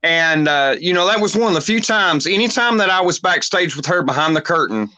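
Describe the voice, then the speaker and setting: A man in his forties with a Tennessee Southern accent, a wrestling guest who tells stories in an unhurried, rambling way with many filler sounds. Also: fairly high pitch, expressive, sharp tone. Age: 40s. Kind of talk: casual interview storytelling.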